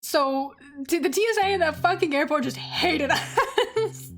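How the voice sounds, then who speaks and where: High-voiced woman telling a story with laughs. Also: a little slow. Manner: animated, laughs often, swears freely. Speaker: streamer. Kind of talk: casual storytelling while drawing on stream.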